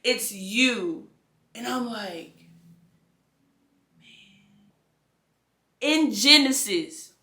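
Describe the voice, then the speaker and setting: A young adult woman with a medium-pitched, sharp-toned voice speaks as an interview guest in an echoey room. She gives an earnest, conversational testimony of her personal faith, sprinkled with casual slang.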